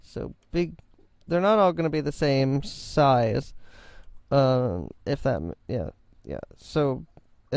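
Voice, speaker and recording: A man's voice: a little high, vocal fry, darkish tone, smooth, no room sound, studio quality. A man giving rambling, self-mocking, jokey commentary while building in a game. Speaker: game video host. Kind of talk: casual gameplay commentary.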